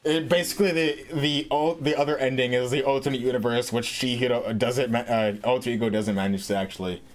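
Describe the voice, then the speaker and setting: A young man casually commentating a game playthrough, crude and prone to loud sweary outbursts. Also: mid-range voice, fairly even intonation, brisk, faint music behind. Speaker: let's play commentator.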